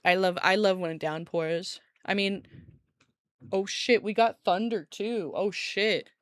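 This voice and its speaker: A woman's voice: medium pitch, steady tone, measured pace, smooth, dry recording. Chatty woman streamer, dry close sound. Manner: rambling, chatty, laughs often, swears casually. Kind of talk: casual chat with stream viewers. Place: room at home by a window. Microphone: desk streaming mic.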